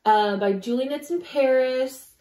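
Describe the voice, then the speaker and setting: A woman co-hosting a podcast, calmly explaining her knitting step by step. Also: high-pitched, a little slow, reverberant. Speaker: podcast co-host. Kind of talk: casual chat about knitting.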